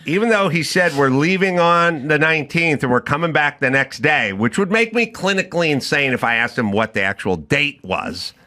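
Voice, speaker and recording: A man's voice: fairly high pitch, lively intonation, normal speed, few pauses, bright, forceful tone. A middle-aged man hosting a talk show, telling a comedic story and acting out both sides of the conversation. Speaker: podcast host.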